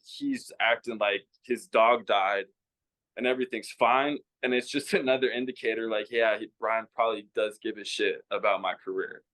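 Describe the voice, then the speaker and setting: A man talking as a guest on a casual video call, rambling in a relaxed way with laughs along the way. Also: medium pitch.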